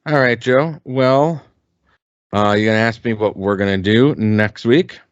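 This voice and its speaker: A man's voice: medium pitch, a little slow, no room sound, dull audio. A man co-hosting a podcast, chatting casually and rambling with lots of ums and restarts, swearing freely. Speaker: podcast co-host. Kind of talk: casual chat.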